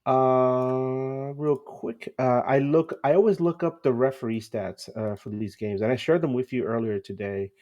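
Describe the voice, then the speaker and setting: A man's voice: medium pitch, fairly even intonation, measured pace, darkish tone. A man hosting a casual soccer podcast, chatty, with frequent fillers and easy laughs. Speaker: podcast host. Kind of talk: casual sports podcast talk.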